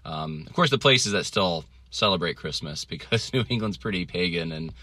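A man's voice: deep voice, lively intonation, normal speed, pushed and bright, no echo. A man hosting a podcast, talking casually in a rambling way with many fillers and restarts. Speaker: podcast host. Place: traveling, indoors.

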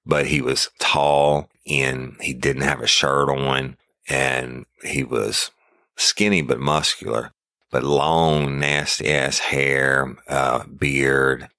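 A man's voice: extremely low pitch, level tone, takes it slowly, bright, forceful tone, clean tone, no room sound. A middle-aged man, a former deputy telling a story in blunt, profane, vivid casual talk.

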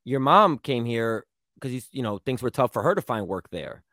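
A man's voice: medium pitch, very animated, pushed and bright, no echo, studio quality. A man hosting a podcast, talking earnestly in a casual interview chat with frequent restarts. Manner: earnest, speaks quickly with many restarts. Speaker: podcast host.

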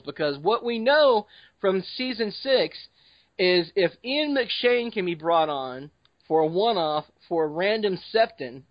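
A man's voice: on the high side, dry recording. Man hosting a chatty podcast, dull dry sound. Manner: rambling, loose, many fillers. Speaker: podcast host. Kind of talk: casual podcast chat.

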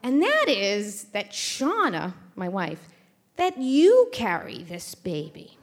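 A woman's voice: medium pitch, wildly swooping pitch, takes it slowly. A woman host telling a brash, profane comic story on a theater stage before a live audience.

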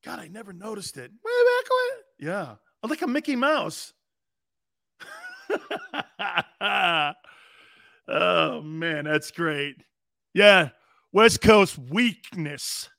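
A man's voice: high-pitched, expressive, drawn-out words, vocal fry, pauses often, sharp tone, dry recording, studio quality. A man hosting an opinionated sports talk radio show, brash, rambling and joking.

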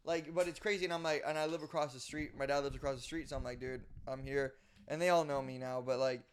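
A man co-hosting a casual podcast, laughing a lot and chiming in with quick reactions. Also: mid-range voice, steady tone, slight background noise. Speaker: podcast co-host. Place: podcast studio.

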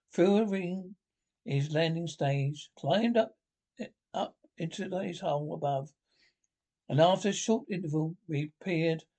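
A man's voice: a little high, darkish tone. Man narrating a storybook, stumbling. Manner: reads aloud with frequent stumbles and restarts. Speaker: audiobook reader.

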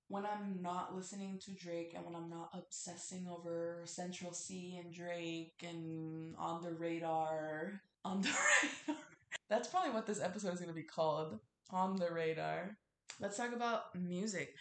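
A woman's voice: fairly low pitch, a little mellow, roomy sound, slight background noise. A young woman hosting a casual solo podcast, rambling with lots of fillers and cursing freely. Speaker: podcast host.

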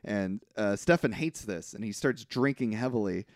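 Man, podcast co-host, lively pitch, dry close mic, casual film recap, hedging. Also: normal speed, no room sound. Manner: animated retelling with acted-out quotes, frequent hedging. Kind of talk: casual chat.

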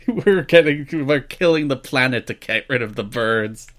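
Irish guy cohosting a wrestling podcast, teasing banter, pitch jumps all over. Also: expressive, measured pace, a bit bright. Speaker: podcast co-host. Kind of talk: joking casual chat.

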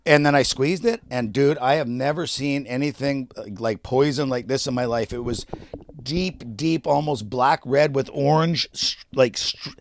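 A man's voice: medium pitch, normal speed, no echo. A man telling a long personal story on a podcast in casual, profane chat, laughing often. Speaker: podcast co-host.

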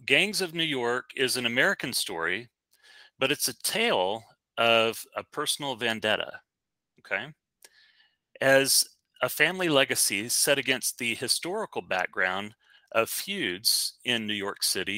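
A man's voice: mid-range voice, bright, forceful tone, dry recording. A man co-hosting a casual podcast, talking in a chatty, rambling way with many fillers and restarts. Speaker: podcast co-host. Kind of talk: casual podcast movie review.

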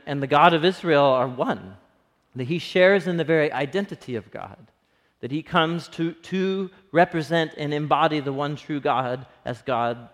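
Man, pastor, sermon, fairly high voice, long echoing reverb. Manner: conversational, animated, acts out quoted lines.

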